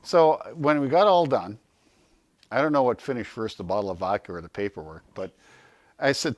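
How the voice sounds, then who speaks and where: A man's voice: medium pitch, moderate pace, no room sound. A man giving an informal health talk to a small audience, telling stories and asking himself questions, then answering them. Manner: animated storyteller, acts out quotes in a raised voice; asks and answers his own questions.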